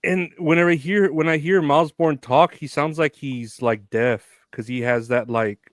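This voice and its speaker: A man's voice: on the high side, moderate pace, no echo. Male co-host, loose rambling delivery, laughs a lot, dry close mic. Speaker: podcast co-host. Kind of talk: casual chat.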